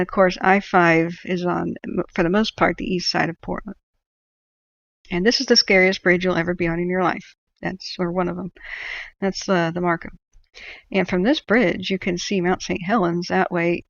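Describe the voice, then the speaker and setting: A woman's voice: on the low side, fairly even intonation, moderate pace, vocal fry, muffled recording. A woman hosting a casual livestream, rambling and thinking aloud with lots of fillers as she talks at her computer. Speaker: livestream host.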